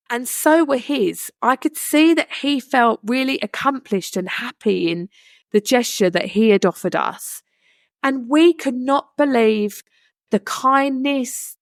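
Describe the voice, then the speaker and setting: A woman's voice: mid-range voice, no echo, clean studio sound. A young adult woman hosting a podcast, telling a personal story in a chatty, earnest way with frequent "you know" asides. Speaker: podcast host. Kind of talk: casual storytelling monologue.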